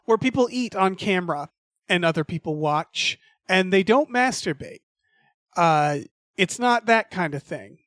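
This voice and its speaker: A man's voice: sits high, lively intonation, unhurried, a bit bright, no room sound, studio quality. A man co-hosting a podcast in casual chat, rambling with many fillers and restarts. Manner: rambling, hesitant, full of fillers. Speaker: podcast co-host.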